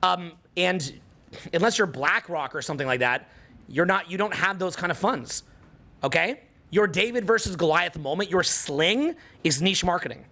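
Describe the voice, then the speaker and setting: Middle-aged Canadian male coach, high-pitched, emphatic and preachy, motivational seminar delivery. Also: normal speed, sharp tone. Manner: emphatic, preachy, repeats phrases for effect. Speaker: social skills coach.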